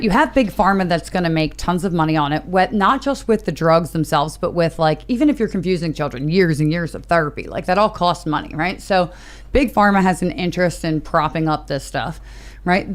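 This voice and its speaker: A woman joins a political panel discussion as co-host and talks in a loose, casual way, with filler words scattered through her sentences. Her voice is somewhat lower than most women's. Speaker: podcast co-host.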